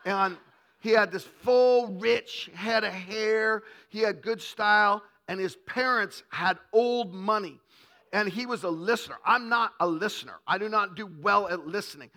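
High-voiced, animated male preacher. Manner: animated, comic storytelling. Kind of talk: humorous sermon.

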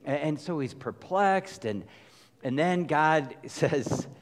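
A man's voice: a little high, takes it slowly. Pastor guy preaching casual, voice jumps all over, big echoey church sound. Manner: conversational, animated retelling with asides. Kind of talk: sermon. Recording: long reverb of a large hall.

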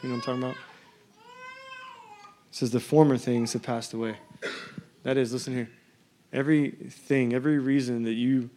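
A man's voice: medium pitch, a little mellow, a little hiss or hum. A man in his thirties preaching a sermon, reading scripture and telling a personal story in an earnest, conversational way. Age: 30s. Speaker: pastor.

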